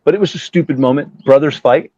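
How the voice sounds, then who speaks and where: A man's voice: a little high, fast talker, warm tone, no room sound, lo-fi sound. A middle-aged man, a guest musician, telling a long rambling story in a casual interview, acting out the lines of the people in it. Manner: rambling anecdote with acted-out quotes and profanity.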